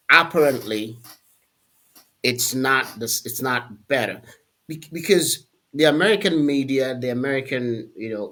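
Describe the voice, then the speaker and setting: A male host in conversation who sounds reflective and speaks at an even, mid-range pitch. He talks in a plain, unhurried way. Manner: reflective, lots of short affirmations. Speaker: interview host. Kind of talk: conversational interview.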